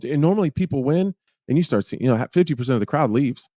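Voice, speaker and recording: Excitable man, casual chat. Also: on the high side, quick pace, no echo. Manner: excitable, swearing. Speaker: podcast co-host.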